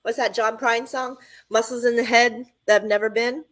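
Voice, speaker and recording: A woman's voice: a little high, steady tone, moderate pace, a bit bright. A woman hosting a radio talk show, speaking in an emphatic, conversational way that repeats phrases for stress.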